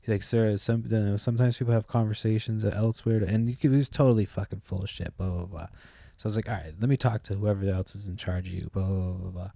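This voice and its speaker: Rambling young man, low mellow voice. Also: steady tone, fast talker, gravelly, dry recording, studio quality. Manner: loose, swears often, trails off with "like" and "blah, blah". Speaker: podcast host. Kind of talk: rambling casual storytelling.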